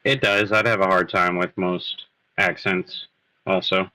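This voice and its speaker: A man's voice: sits low, level tone, unhurried, bright, forceful tone, dry recording, poor audio. A man calling into a live-stream chat from his workplace, making dry, wry remarks. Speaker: guest caller.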